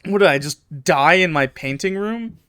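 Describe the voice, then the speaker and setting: Jokey streamer reacting to a game. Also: male voice, on the high side, animated, moderate pace, clear, resonant tone, dry recording. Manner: jokey, loud reactions, reads aloud dramatically. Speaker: gaming streamer. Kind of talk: playthrough commentary.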